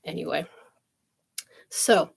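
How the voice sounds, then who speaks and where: Woman reading fairy tales with snarky asides. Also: takes it slowly. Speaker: storyteller streamer.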